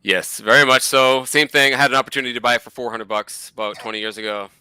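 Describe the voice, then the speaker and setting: Boston guy rambling fast in a chill chat, super bright sharp voice. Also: mid-range voice, fairly even intonation, clear, resonant tone, dry recording. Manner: rambling, with many fillers. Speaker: guest collector. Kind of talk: casual chat.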